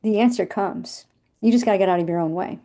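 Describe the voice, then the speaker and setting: A woman's voice: mid-range voice, fast talker, mellow. A woman in her fifties, a business coach giving an emphatic, repetitive motivational talk over a video call.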